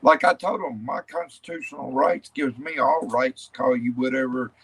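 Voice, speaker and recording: A man's voice: mid-range voice, moderate pace, a bit bright, husky. A man in casual chat, arguing his point insistently. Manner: argumentative, insistent.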